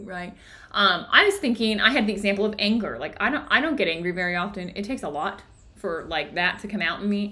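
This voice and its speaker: Lively chatty woman telling stories. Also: mid-range voice. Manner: chatty storytelling, many "like" fillers. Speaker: book club host. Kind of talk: casual book discussion.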